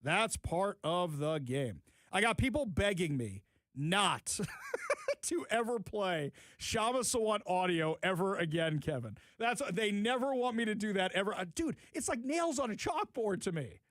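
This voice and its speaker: Sarcastic, animated talk radio host. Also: male voice, high voice, unhurried, dry recording. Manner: sarcastic, animated, repeats phrases for emphasis. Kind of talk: political talk radio commentary.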